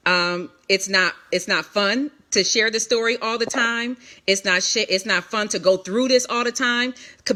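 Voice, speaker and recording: A woman's voice: mid-range voice, bright, forceful tone. A woman giving a candid, emphatic testimony to viewers, with many restarts and repeated phrases. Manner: emphatic, repetitive, quick restarts. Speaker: ministry leader speaking to an online audience.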